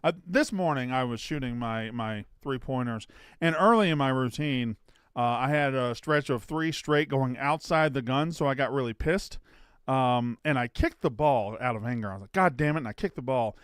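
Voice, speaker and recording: A man's voice: medium pitch, moderate pace, clean tone, dry recording, clean studio sound. A man co-hosting a sports podcast, rambling and joking, swearing freely in casual chat. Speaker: podcast co-host.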